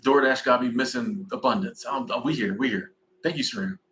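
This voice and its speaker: A man in his forties hosts a loose, chatty livestream, rambling from one thought to the next with animated bursts. His voice sits at an ordinary pitch but sounds bright and forward. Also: fairly quick, slight background noise, poor audio. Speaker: livestream host. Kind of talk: casual livestream chat.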